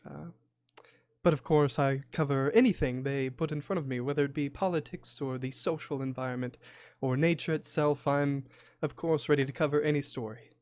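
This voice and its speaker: A man's voice: medium pitch, a little mellow, dry recording, close to an everyday voice. A man voicing a smirking, poised young female journalist in a tabletop game. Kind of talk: tabletop game role-play.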